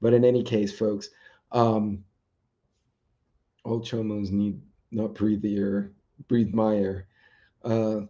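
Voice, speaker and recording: A man's voice: lowish voice, steady tone, moderate pace, dark tone. Man rambling on a lo-fi live stream. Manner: rambling, chatty, with frequent ums. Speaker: livestream host. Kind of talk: casual live chat reacting to viewer comments. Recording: dull lo-fi stream audio.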